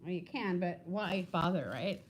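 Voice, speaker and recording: A woman's voice: on the low side, expressive, normal speed, a little hiss or hum. A woman in her fifties hosting a casual livestream from home on her phone, chatting in a rambling way, laughing often and greeting viewers by name. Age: 50s. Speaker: livestream host.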